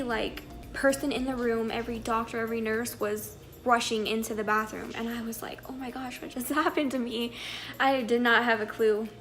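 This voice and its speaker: A woman's voice: on the high side, fairly bright tone. A woman in her twenties, a young mother candidly telling her birth story to camera in a chatty, rambling way. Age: 20s. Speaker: vlogger and mother.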